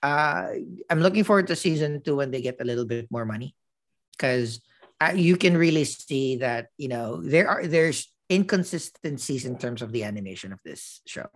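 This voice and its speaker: A man's voice: mid-range voice, expressive, normal speed. A man co-hosting a podcast in casual chat, rambling with many fillers and restarts. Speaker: podcast co-host.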